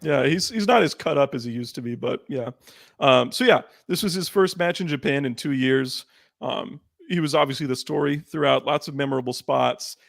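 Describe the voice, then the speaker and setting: Gravelly man recapping matches casually. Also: mid-range voice, no echo. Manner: recaps matches in quick run-downs, laughs often. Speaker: podcast co-host. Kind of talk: casual wrestling podcast chat.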